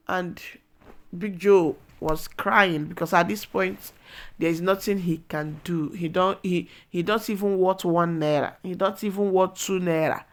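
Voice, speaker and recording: A woman with a Nigerian accent casually retelling a movie plot as a vlogger, excitable and full of exclamations, slipping into pidgin. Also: lowish voice, measured pace. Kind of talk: casual storytelling recap.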